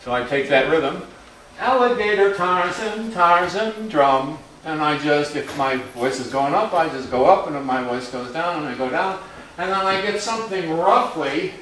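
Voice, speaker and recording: A man's voice: fairly high pitch, moderate pace, a bit bright, far from the mic, a little hiss or hum. A man teaching a music workshop to a class, explaining melody and rhythm and singing out rhythms on nonsense syllables. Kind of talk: classroom lesson. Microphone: distant recorder in the room. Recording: very echoey room recorded from afar, faint music.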